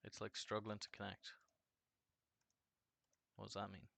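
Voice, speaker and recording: A man chatting casually on a live game stream, rambling and swearing, his voice jumping from deep to screechy when excited. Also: measured pace, vocal fry, no room sound.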